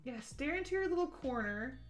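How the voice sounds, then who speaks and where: High lively woman painting on stream, chats to herself and baby-talks her pet. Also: fairly quick, soft background music. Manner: chatty, thinks aloud, coos at her pet in a playful voice. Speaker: art live-streamer. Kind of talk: casual chat while painting on a live stream.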